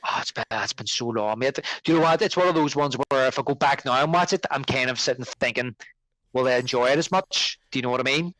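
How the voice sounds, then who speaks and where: A man's voice: medium pitch, fast talker, fairly bright tone, no room sound, rough recording. A man, co-hosting a film podcast in casual chat, rambling and restarting as he recalls names. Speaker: podcast co-host.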